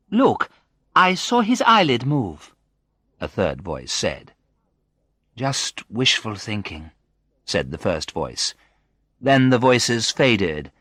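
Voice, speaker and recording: Sex: man. Role: storyteller. Style: graded-reader narration. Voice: low, bright, dry. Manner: slow, clear and expressive. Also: no room sound.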